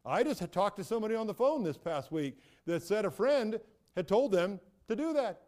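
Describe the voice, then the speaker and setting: A man's voice: high voice, animated, fairly quick, darkish tone. A middle-aged man preaching a sermon as a pastor, emphatic and repetitive, often restarting his phrases.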